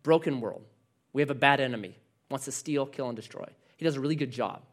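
A man's voice: medium pitch, quick pace. A man preaching a sermon, telling a story with quoted dialogue in an earnest manner. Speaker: pastor.

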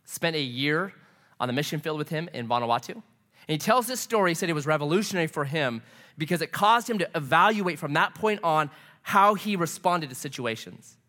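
A man preaching a sermon as a pastor, telling stories in an animated, conversational way. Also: fairly high pitch, fairly quick. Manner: animated storytelling, lively and conversational.

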